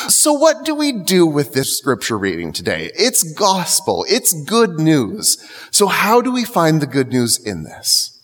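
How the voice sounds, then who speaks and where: A man's voice: fairly high pitch, a bit bright. A young man preaching a sermon as a priest, conversational and wry, acting out the quotes he tells. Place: church. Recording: reverberant church hall.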